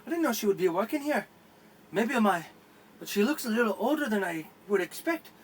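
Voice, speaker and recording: A man voicing an excitable adventurer returning to his home, speaking a little higher and stammering. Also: unhurried, a little hiss or hum. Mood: excited.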